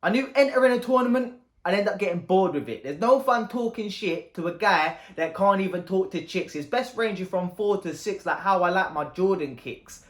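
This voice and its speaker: A man's voice: sits high, animated, moderate pace, fairly bright tone. A man in his thirties with a London Cockney accent, spitting a cappella rap battle verses in punchy, mocking trash talk. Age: 30s. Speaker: battle rapper. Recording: roomy echo.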